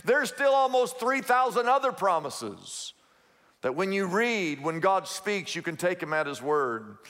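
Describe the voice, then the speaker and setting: Male pastor, high voice, emphatic repetitive preaching, long hall reverb. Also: very animated, fairly bright tone. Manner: emphatic, repetitive, slows down to stress key phrases. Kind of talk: sermon.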